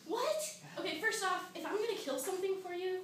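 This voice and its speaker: A woman's voice: extremely high pitch, fast, fairly bright tone. A young woman giving a comic complaint speech to a class, sarcastic and acting out panicked quotes. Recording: echoey room, mic far off, noisy.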